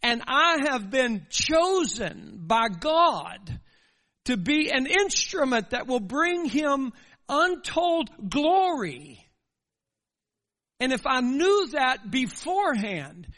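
Very high-voiced, slow, impassioned male preacher. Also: sharp tone. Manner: impassioned preaching, voice swelling at climaxes; addresses the congregation directly. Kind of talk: sermon.

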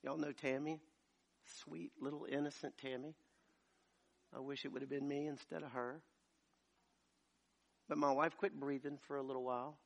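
A man preaching a sermon as pastor, moving from quiet storytelling to loud, shouted preaching. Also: mid-range voice, level tone, moderate pace, gravelly, pauses often. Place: church.

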